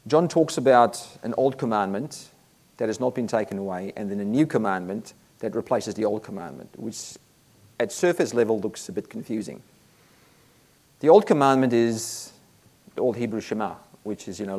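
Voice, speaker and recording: A man's voice: on the low side, lively intonation, normal speed, a little mellow. A man preaching a sermon, earnest and emphatic, reading Bible verses aloud between points.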